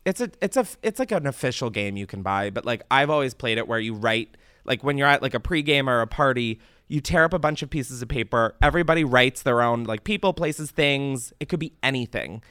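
A young man hosting a podcast, chatting casually and ranting with animated, profane exasperation. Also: mid-range voice, a little fast, hardly any pauses, smooth, no echo, studio quality. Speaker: podcast host.

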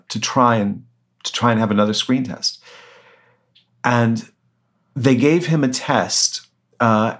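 Male author guest, somewhat low voice, halting and hesitant, restarts often. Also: a bit bright. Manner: hesitant, many fillers and restarts, chuckles. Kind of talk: interview answers.

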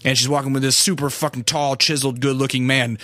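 A man in his thirties rambles through a casual story, swearing freely and circling back with fillers and restarts. His voice sits at a middling pitch, and the sound is dry and close, with no room echo. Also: level tone, fast talker, fairly bright tone.

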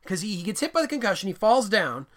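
A man's voice: high voice, fast. A man co-hosting a podcast, casually recapping a war film, acting out lines and swearing freely. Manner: animated storyteller, acts out movie lines, swears casually. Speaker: podcast co-host.

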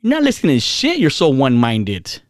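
A man's voice: medium pitch, huge pitch swings, brisk, no echo, studio quality. A man ranting casually and heatedly, repeating himself, swearing and using slang. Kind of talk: casual rant.

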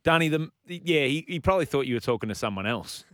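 A man's voice: on the high side, lively intonation, fast, a bit bright, a little hiss or hum. A man co-hosting a sports radio show, reading out listener texts in an easygoing way in a studio. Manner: easygoing, filler-heavy reading. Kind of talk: casual sports radio chat.

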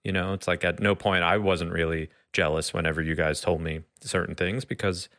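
Deep male voice, easygoing upbeat podcast guest, dry close sound. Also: steady tone, fairly quick, a bit bright, no echo. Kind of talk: casual chat.

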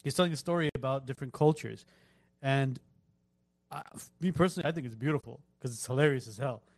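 A man with a medium-pitched voice talks at a quick pace, with no room sound, as a podcast host in casual chat. He tells stories in an animated way, acting out the lines he quotes.

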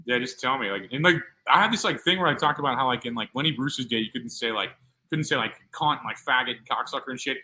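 A man talks at a breakneck clip in a bright, forceful voice. He rambles through a casual podcast chat, swearing freely and leaning hard on filler words. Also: medium pitch, fast, low-quality recording. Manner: rambling, profane, heavy on filler "like".

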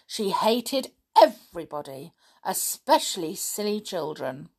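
A woman reading a children's story aloud in an expressive, lively storybook manner. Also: on the low side, vocal fry, breathy edge.

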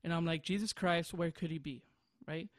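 A high-voiced young man in his twenties rambles through a story on a podcast, often breaking into laughter. The sound is dry and close, with no room around it. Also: moderate pace, dry recording. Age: 20s. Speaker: podcast host. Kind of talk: casual chat.

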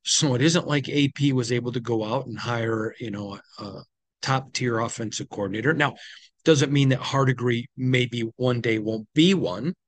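A man's voice: medium pitch, normal speed, dry recording. A man hosting a sports team recap podcast, talking in a conversational, opinionated way with frequent ums, sounding tired. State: tired, yawning. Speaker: sports team insider host.

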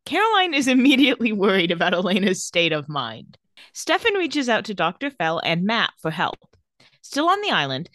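A woman's voice: mid-range voice, no room sound, clean studio sound. A young woman co-hosting a casual recap podcast, laughing often and acting out characters' lines. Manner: lively, laughs often, acts out quotes. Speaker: podcast co-host.

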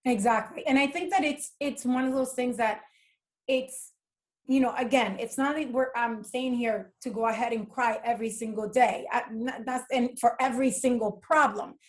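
Middle-aged woman guest on a podcast, bit high voice, frank and emphatic, tells stories. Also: fairly even intonation, moderate pace. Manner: candid, emphatic, storytelling. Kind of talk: casual conversation.

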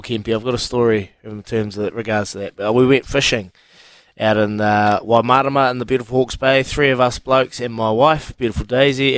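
A man's voice: medium pitch, no room sound. A middle-aged man co-hosting breakfast radio, telling a story at an easy pace and tossing in jokes. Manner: joking interjections, relaxed storytelling. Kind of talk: casual radio banter.

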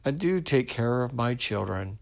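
A man's voice: medium pitch, lively intonation, measured pace, gravelly. A man reading a dying old wife, tender. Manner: soft, gentle delivery.

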